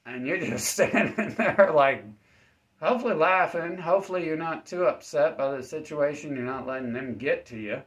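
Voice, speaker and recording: A man hosting his own channel, giving a rambling deadpan comedic monologue that sometimes jumps into high-pitched acted-out voices. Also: normal speed. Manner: acts out exchanges with sudden high-pitched voices; laughs at his own dark jokes. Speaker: self-defense channel host. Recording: slightly dull, lo-fi recording.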